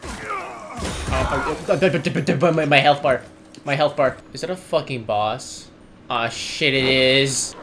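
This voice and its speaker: A man's voice: medium pitch, sing-song, takes it slowly, a bit bright, slight background noise. A young man giving sarcastic, swearing commentary while playing a video game. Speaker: gameplay streamer. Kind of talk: gameplay commentary.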